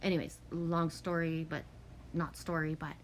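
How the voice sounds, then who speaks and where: A woman in her forties chatting casually on a livestream, reading out viewer comments and rambling through animated stories with swearing and acted-out quotes. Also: sits low, normal speed.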